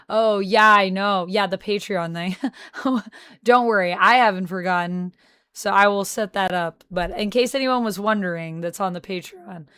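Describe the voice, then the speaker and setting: Smooth-voiced woman streamer chatting with viewers. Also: mid-range voice, a bit bright, no room sound, studio quality. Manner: chatty, answers chat messages aloud. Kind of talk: casual livestream chat. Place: home on a military base.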